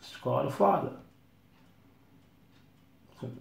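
A man's voice: mid-range voice, a little slow, pauses often, a little mellow. A man telling his own story in a rambling, blunt monologue, swearing freely and acting out other people's voices. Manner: profane, blunt, acts out voices. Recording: roomy echo.

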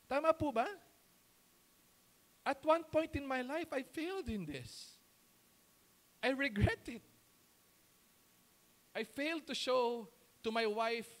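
A man's voice: very high voice, fairly bright tone. A man with a Filipino accent, a pastor preaching a sermon in Taglish, firing rhetorical questions and answering them himself.

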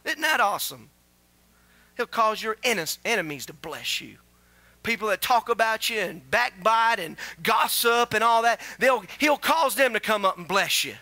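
A man preaching a sermon as pastor, asking the congregation questions and building to loud exclamations. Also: sits high, animated, moderate pace, no room sound. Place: church sanctuary.

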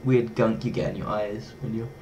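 Easygoing male vlogger, slightly low voice, playful and self-mocking delivery. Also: steady tone, normal speed, darkish tone, a little hiss or hum. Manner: playful, chatty, fumbles pronunciations and laughs at himself. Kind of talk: casual talk to camera.

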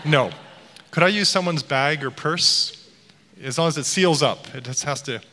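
A man's voice: fairly high pitch, moderate pace, sharp tone. A middle-aged man giving a public lecture, telling stories with playful voice impressions. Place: lecture hall. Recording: long hall reverb.

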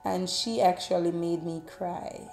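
A woman, chatting to her viewers in a casual, heartfelt way, swinging between loud bursts and soft tones. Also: fairly low pitch, measured pace, vocal fry. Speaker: vlogger. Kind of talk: casual storytelling to camera. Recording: roomy echo, faint music.

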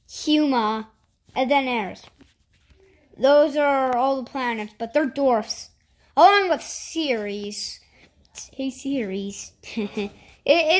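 A woman giving casual commentary over a space game, thinking aloud with lots of fillers and sudden excited outbursts. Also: high voice, takes it slowly. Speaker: gameplay commentator.

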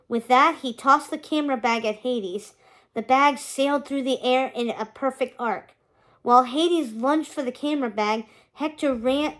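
A woman narrating a children's chapter book aloud, reading steadily. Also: sits high.

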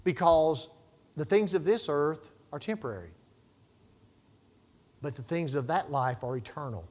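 A middle-aged male pastor preaching a sermon, telling stories and swinging between loud emphasis and quiet asides. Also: a little high, animated, a little slow.

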